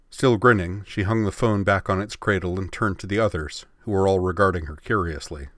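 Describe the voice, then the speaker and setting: A man narrating a story aloud in a measured, expressive reading. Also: deep voice, no echo, clean studio sound.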